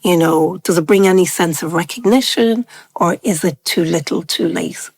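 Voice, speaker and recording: A woman asking the group thoughtful questions in a measured, gentle way. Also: lowish voice, creaky, breathy edge. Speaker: interviewer.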